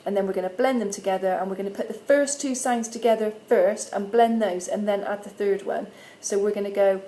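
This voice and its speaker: Woman teacher gently sounding out letters. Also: medium pitch, fairly even intonation, rough recording. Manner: patient, sounds out letters slowly and clearly. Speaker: primary school teacher. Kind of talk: friendly instructional video for parents.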